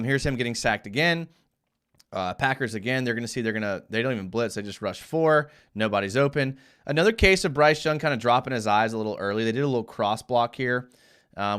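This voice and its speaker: A young man with a clear, resonant, mid-range voice hosts a live fan show. He gives casual football commentary over game film, launching into animated, fired-up rants full of restarts.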